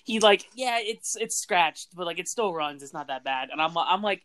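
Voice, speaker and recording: A young man hosting a casual podcast, quickly retelling how friends fooled him with self-mocking humor. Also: sits high, expressive, fairly bright tone. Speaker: podcast host. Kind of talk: casual chat among friends.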